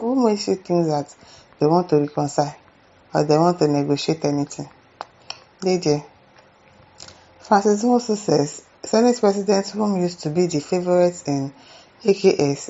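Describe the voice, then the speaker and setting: A woman's voice: sits low, dull audio. A woman with a Nigerian accent hosts a commentary channel, reading viewer comments aloud and reacting with exclamations and "eh?" asides. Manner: animated, exclaims and adds asides like "eh?".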